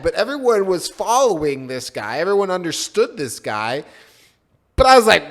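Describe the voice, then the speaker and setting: A man's voice: high voice, very animated, normal speed, a bit bright. A man hosting a casual chat, rambling and self-deprecating as he talks. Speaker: podcast host.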